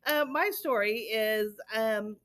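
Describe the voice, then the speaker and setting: High-voiced, giggly woman teacher. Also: slow pace, a loud crowd. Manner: giggly storyteller, laughs through her own stories. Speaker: teacher and podcast co-host. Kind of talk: casual chat.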